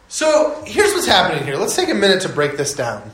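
A man preaching a sermon as pastor, telling it in an animated, conversational way. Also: sits high, a little fast, roomy sound, poor audio.

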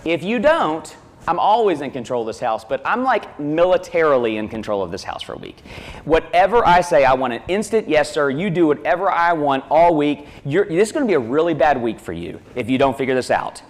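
A man's voice: on the high side, very animated, fairly quick. A male pastor preaching a sermon, telling a family story in a conversational way and repeating himself as he goes.

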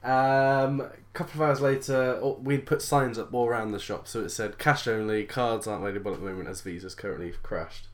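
A woman's voice: extremely low pitch, steady tone, fairly quick, hardly any pauses. A British woman in casual chat, telling an exasperated shop-work story with frequent laughter. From Britain.

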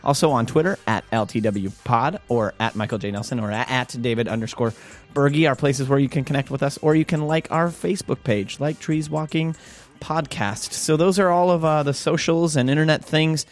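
A man co-hosting a podcast in casual chat, jokey and rambling with fillers. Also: medium pitch. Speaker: podcast co-host.

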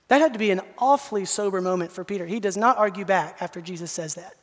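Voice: mid-range voice, a little fast, big-room sound. A pastor preaching an expository sermon, earnest and emphatic, speaking directly to the listeners.

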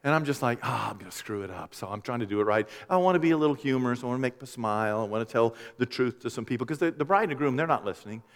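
Animated pastor preaching in a reverberant hall. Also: male voice, mid-range voice, racing, hardly any pauses. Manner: animated, jokey, acts out quoted voices. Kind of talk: teaching sermon. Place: church sanctuary.

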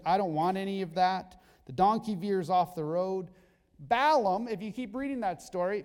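A male pastor giving a sermon, telling a Bible story in an animated way with jokey asides. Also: high-pitched. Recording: long hall reverb.

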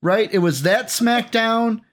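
A man's voice: very high-pitched, takes it slowly. A man co-hosting a casual podcast chat, rambling and acting out quotes with animation. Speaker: podcast co-host.

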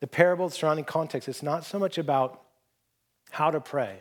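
Conversational pastor telling a story. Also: male voice, fairly high pitch, fairly quick. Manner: conversational, self-deprecating, acts out quotes in hushed voices. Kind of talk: sermon with personal stories.

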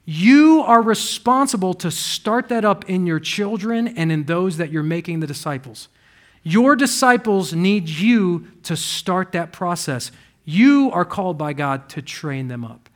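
A man preaching a sermon as a pastor, shifting between quiet earnest passages and loud animated ones. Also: high-pitched, unhurried. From United States.

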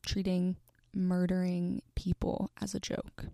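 A woman in her twenties earnestly tells a personal story to the camera, halting and restarting as she goes. Her low, gravelly voice has vocal fry, a flat delivery, and often drops into a breathy near-whisper. The recording is close and dry.

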